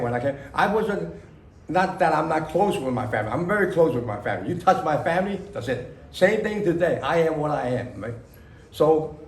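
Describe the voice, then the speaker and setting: A man's voice: a little high, slight background noise. Rambling man in his sixties, echoey room. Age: 60s. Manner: rambling, halting, with many fillers and broken grammar. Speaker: author at a book reading. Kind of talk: casual spoken memories to an audience. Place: library reading room.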